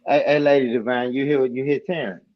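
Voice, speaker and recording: A man's voice: mid-range voice, steady tone, fairly quick. A man teasing the others with slangy banter in a casual panel chat. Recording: dull muffled sound.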